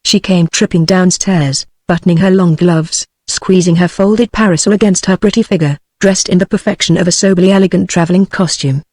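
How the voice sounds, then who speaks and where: A synthetic text-to-speech woman's voice with a British English accent, reading a novel aloud in an even, machine-like way. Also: fairly low pitch, brisk, hardly any pauses, dry recording. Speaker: audiobook narrator. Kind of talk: text-to-speech audiobook narration.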